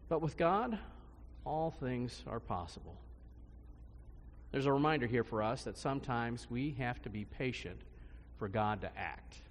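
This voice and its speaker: A male pastor preaching a sermon in a conversational style, his pitch and loudness swinging widely between phrases. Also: a little hiss or hum. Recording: long hall reverb.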